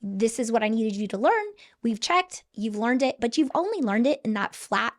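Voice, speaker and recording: Woman headmaster, middle-aged, earnest and explanatory, a bit high-pitched. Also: lively intonation, moderate pace. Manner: earnest, explanatory, repeats words when restarting. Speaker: school headmaster. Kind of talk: podcast interview.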